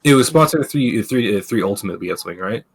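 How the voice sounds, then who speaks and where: A man's voice: lowish voice, animated, racing, crowd noise. A man hosting a casual gaming podcast, ranting with plenty of swearing and filler words. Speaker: podcast host. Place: streaming setup.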